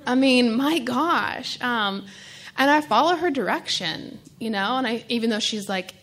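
A woman's voice: on the high side, lively intonation, a bit bright. Emotional woman sharing her testimony. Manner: emotional, halting, many fillers and "like". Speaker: speaker sharing at a recovery meeting. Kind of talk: personal testimony.

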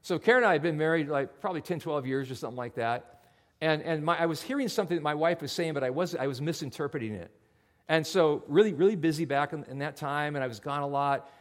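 A man preaching a sermon as pastor, in an animated, conversational storytelling way. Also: fairly high pitch, fast.

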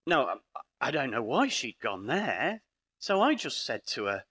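A man's voice: medium pitch, very animated, a little slow, pushed and bright, slight background noise. A middle-aged British man speaking at a live conference in a parish hall, telling stories with dry humour and acting out the dialogue. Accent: British English. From Britain. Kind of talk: lively live conference talk.

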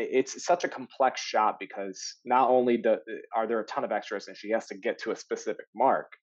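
A man who works as an actor, telling stories in a casual podcast chat, animated, laughing often and full of fillers. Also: mid-range voice, lo-fi sound. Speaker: actor guest.

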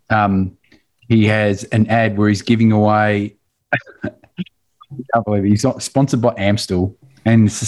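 Husky low co-host. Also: male voice, a little mellow, rough recording. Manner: enthusiastic, chuckling storyteller. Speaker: podcast co-host. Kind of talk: casual podcast banter.

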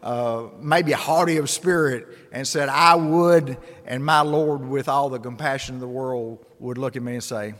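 A man's voice: medium pitch, steady tone, normal speed, hardly any pauses. Man preaching a sermon, earnest, gets emphatic, long echo like a big church. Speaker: pastor. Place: church sanctuary. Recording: long hall reverb.

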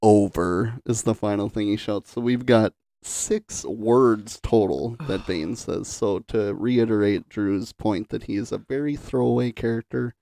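A man's voice: on the low side, unhurried, gravelly, few pauses, mellow, dry recording, studio quality. A man co-hosting a casual movie podcast, reading bad lines aloud and laughing often. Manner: reads movie quotes in hammy voices, laughs often. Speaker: podcast co-host. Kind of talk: casual chat.

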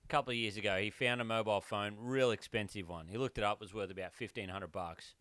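A man's voice: lowish voice, fairly even intonation, quick pace, fairly bright tone, no echo. A man co-hosting a podcast, telling an anecdote casually and acting out the people in it. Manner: tells anecdotes, acts out quoted voices, many yeahs. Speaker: podcast co-host. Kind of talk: casual storytelling.

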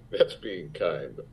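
A man, an actor, speaking frankly in a conversational interview, halting with restarts and rising sharply when he makes a point. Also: sits low, darkish tone, breathy edge. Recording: muffled lo-fi audio.

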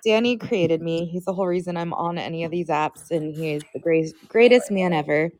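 A woman's voice: lowish voice, fairly quick, darkish tone, dry recording. A woman co-hosting a casual show, blunt and teasing in her banter. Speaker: co-host. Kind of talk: casual radio-show chat.

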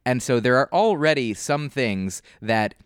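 An American comedian speaks in a smooth, resonant voice, recorded dry and close with no room echo. He wanders through playful, self-aware tangents and disclaimers, thinking aloud as he goes. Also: mid-range voice, lively intonation, measured pace. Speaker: comedian guest. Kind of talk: casual interview chat.

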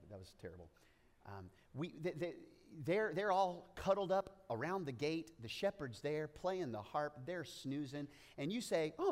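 A man preaching a sermon, joking and animated, with playful asides and frequent stammering restarts. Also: mid-range voice, big-room sound. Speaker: pastor.

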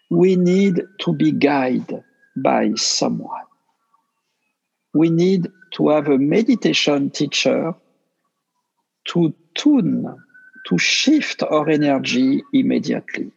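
A man with a French accent, a meditation teacher speaking earnestly and gently in simple English during a podcast interview. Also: a little high, vocal fry, slightly rough, lo-fi sound. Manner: slow, earnest, gentle speech in simple non-native English.

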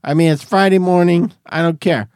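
A man's voice: high voice, steady tone, normal speed, darkish tone, smooth, dry recording. A man hosting a podcast from a garage studio, rambling and laughing through tipsy banter. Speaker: podcast host. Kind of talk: casual chat.

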